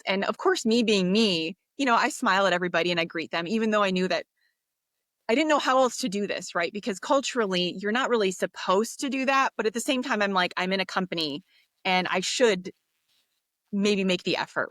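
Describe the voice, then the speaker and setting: A woman, a podcast guest, telling a story in an interview, animated and acting out the voices of people she quotes. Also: mid-range voice, no echo. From United States.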